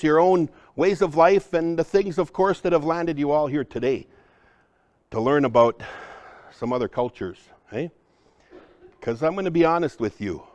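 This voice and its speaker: A man with a baritone voice giving a live workshop presentation to a room of people, talking conversationally and often checking in with the audience. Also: a little mellow. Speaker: cultural trainer presenting to a group.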